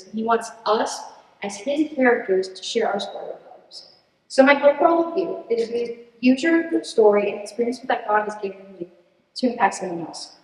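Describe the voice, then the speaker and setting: A young woman in her late teens giving an earnest, animated student presentation and answering questions, laughing at herself now and then. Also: on the high side. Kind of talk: presentation speech and Q&A. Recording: echoey hall, distant mic.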